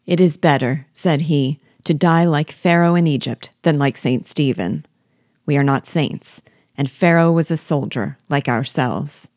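A woman reading a classic novel aloud in a measured, unhurried way, slowing down for the quoted lines. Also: low-pitched, a little mellow, dry recording, studio quality.

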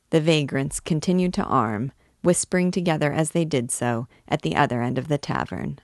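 A woman reading a classic novel aloud in a measured, expressive way. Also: low voice, no room sound, studio quality. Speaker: reader and guide.

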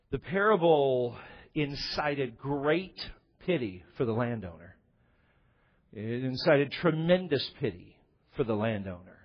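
Husky-voiced man preaching a sermon. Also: mid-range voice, dull audio. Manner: emphatic preaching, voice rising and falling in bursts. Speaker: pastor.

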